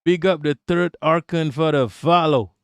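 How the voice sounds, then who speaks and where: A man's voice: fairly high pitch, moderate pace, smooth. A man in his thirties doing casual live-stream commentary and reading chat aloud, blunt and profane, often breaking into laughter.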